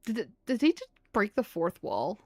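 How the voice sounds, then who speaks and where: Woman streamer joking through a game, swears a bunch, mid-pitch voice, dry close sound. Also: very animated, moderate pace, no echo. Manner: wry, joking, swears freely. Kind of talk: let's play commentary.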